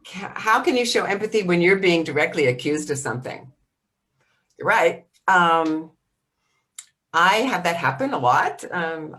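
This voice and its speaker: Woman, dementia specialist, slightly low voice, hesitant, many ums and restarts, video call workshop. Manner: acts out gentle caregiver phrases. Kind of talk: workshop answering questions.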